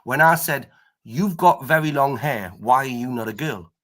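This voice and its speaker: A man's voice: mid-range voice, moderate pace, a bit bright. Man, northeast English accent, needling debate panelist who repeats himself. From northeast Britain, near the Scottish border. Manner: needling, repeats his demands over and over. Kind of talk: live-stream debate banter.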